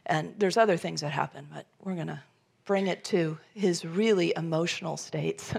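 A woman preaching a sermon, telling the story with animated voices, rising to loud emphasis and dropping to soft near-whispers. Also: mid-range voice, gravelly, husky. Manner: animated storytelling, acting out Jesus' lines. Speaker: pastor.

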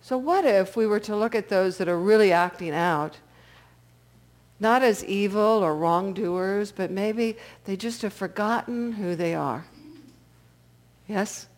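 A woman telling a story to a live audience in an engaging, conversational way. Her pitch sits in the middle for a woman, and she often pauses to check that her listeners are with her. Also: darkish tone.

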